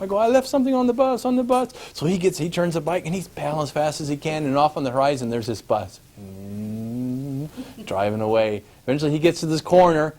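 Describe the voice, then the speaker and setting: A man telling a personal travel story to an audience, animated and acting out scenes, laughing at his own tale. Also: medium pitch.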